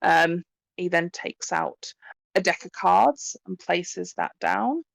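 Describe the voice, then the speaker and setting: Gravelly-voiced woman game master. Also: on the low side, slow pace, dry recording. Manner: chatty, full of ums and likes. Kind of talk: narrating a tabletop game.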